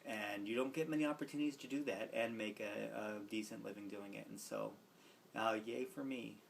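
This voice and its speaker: A young man, a student teacher, earnestly recounting a personal story, dropping softly into gentle quoted lines. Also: lowish voice, brisk, gravelly, slight background noise. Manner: earnest, reflective, with soft quoted asides.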